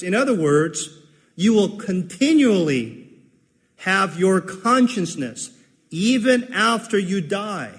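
A man's voice: high-pitched, sing-song, slow pace, long reverb tail. A man preaching a sermon in an earnest way, repeating key phrases for emphasis. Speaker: pastor.

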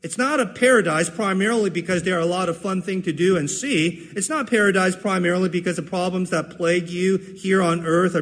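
A man's voice: sits high, a bit bright, long reverb tail. A man preaching a sermon in an earnest way, repeating key phrases for emphasis. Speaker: pastor.

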